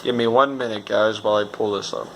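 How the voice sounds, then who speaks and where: A man's voice: fairly low pitch, steady tone, quick pace, a little hiss or hum. A man with a stuffy nose giving a rambling, casual game review, swearing and correcting himself.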